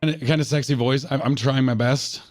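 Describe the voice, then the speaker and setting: A man with a hoarse, sick voice doing live gameplay commentary as a streamer, rambling, joking and chatting to viewers with stammered restarts. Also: mid-range voice, fairly even intonation, brisk, no room sound, studio quality. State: hoarse from illness.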